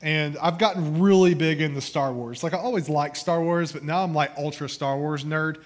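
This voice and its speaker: A man's voice: a little high, normal speed. A young adult man preaching a casual youth sermon, asking the room questions and telling stories about his toddler. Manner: conversational, storytelling with questions to the crowd. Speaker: youth pastor.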